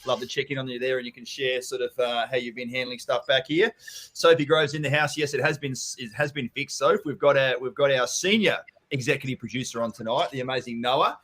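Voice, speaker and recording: A man's voice: mid-range voice, steady tone, brisk, fairly bright tone. A man with an Australian accent hosting a casual live Q&A, laid-back and swearing freely as he reads out comments. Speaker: host, chief strategist.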